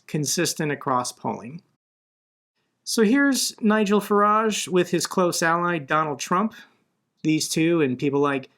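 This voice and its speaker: A man's voice: on the high side, fairly bright tone. Blunt, indignant American male commentator. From United States. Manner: blunt, conversational, rising when indignant. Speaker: political commentator. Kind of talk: casual commentary video.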